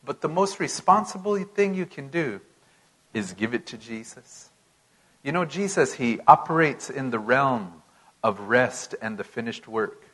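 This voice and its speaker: A man preaching a sermon in an unhurried, emphatic way, his volume swinging from loud to soft. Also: medium pitch, animated, low-quality recording.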